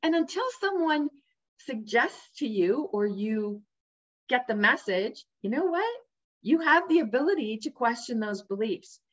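Speaking straight to the listener like a coach, a woman with a fairly high voice delivers an emphatic, upbeat motivational talk. The sound is somewhat dull and lo-fi.

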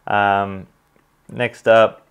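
A man with a slightly low voice hosts a whiskey vlog. He talks casually and unhurriedly, with frequent ums and uhs, and he answers viewers with easy good humor. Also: very slow, gravelly, clean tone. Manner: relaxed, filler-heavy, good-humored. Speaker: whiskey reviewer and channel host. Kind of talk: casual vlog chat reading viewer comments.

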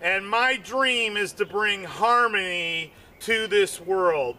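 A man's voice: sits high, takes it slowly, sharp tone. A man doing comedy, telling a long rambling story full of fillers and repeated words.

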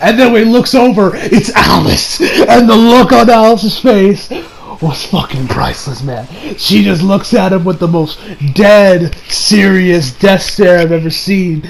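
A man giving a casual anime review, excited and rambling, who swears now and then. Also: high voice, unhurried, gravelly, low-quality recording.

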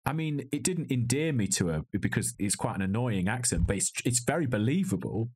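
A man with a mid-range, darkish, slightly rough voice co-hosts a podcast briskly, with lively intonation. He gives a wry, joking, rambling film review in casual chat over slightly glitchy video call audio.

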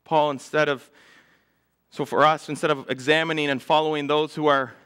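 Pastor, male, earnest sermon voice, bright and somewhat high, swells then hushes. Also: level tone, normal speed, clean tone. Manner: earnest preaching, swelling louder then dropping to a hush. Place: church.

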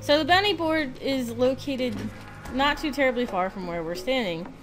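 A woman's voice: high voice, lively intonation, moderate pace. A woman with a slight lisp giving casual, rambling commentary while playing a video game. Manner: chatty, rambling, self-deprecating. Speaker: let's play gamer. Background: game music.

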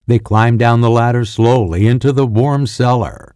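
A man reading an audiobook in a measured, deliberate narration. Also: mid-range voice, darkish tone, no room sound, studio quality.

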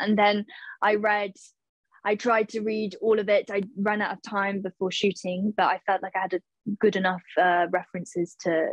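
An English actress in her twenties answers interview questions casually, hesitating and using lots of fillers and restarts as she hunts for words. Her voice is mid-range, with no echo and the high frequencies cut off.

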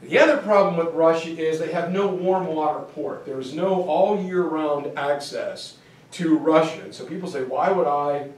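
A man teaching a history class in a lively, joking way, acting out quotes as he goes. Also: on the high side, normal speed. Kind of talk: classroom lecture. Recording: echoey room from far off.

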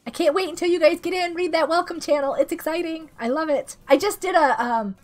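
A woman in her thirties, sick with a rough throat, chatting casually and giggling as she greets viewers during a game stream. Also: very high-pitched, a little fast. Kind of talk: casual live-stream chat while gaming. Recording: faint music behind the voice.

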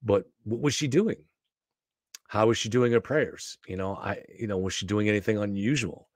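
A man's voice: lowish voice, normal speed, a little mellow, dry recording, studio quality. A man hosting a commentary show, reacting to a clip with skeptical questions. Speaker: commentary host.

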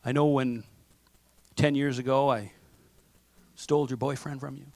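A man's voice: mid-range voice, steady tone, unhurried, darkish tone, no room sound. A man preaching a sermon as pastor in a conversational way, often checking in with "okay?" and acting out what people say to themselves. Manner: conversational preaching with frequent "okay?" and acted self-talk. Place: church sanctuary.

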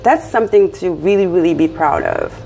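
A woman's voice: lowish voice, wildly swooping pitch, a little fast, vocal fry, dark tone, slight background noise. A woman with a French accent giving a casual tarot reading, encouraging and often checking in with her listener. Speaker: tarot reader.

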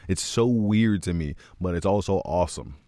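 A man hosting a music reaction video, talking in an excitable, slangy way with frequent laughs. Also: low-pitched, normal speed. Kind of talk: casual reaction commentary.

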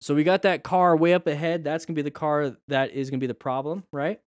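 A man's voice: fairly high pitch, fairly even intonation, fast, dry recording. A man and riding instructor giving casual, joking commentary over motorcycle videos and talking straight to his viewers.

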